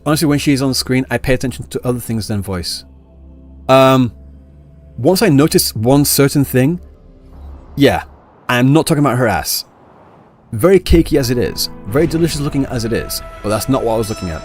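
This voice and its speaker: A man's voice: mid-range voice, lively intonation, fairly quick. A man streaming a game live, chatting to viewers in a rambling, self-correcting way. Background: game audio and music.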